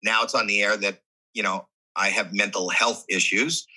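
A middle-aged man guesting on a podcast, telling a candid personal story in an animated way and acting out the voices of people he quotes. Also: lowish voice, normal speed, husky, rough recording.

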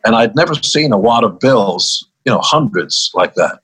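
A man's voice: medium pitch, expressive, moderate pace, a bit bright, breathy edge, low-quality recording. An older man, a musician guest in an interview, telling stories in a wry, easygoing way and laughing at his own punchlines. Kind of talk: storytelling interview talk.

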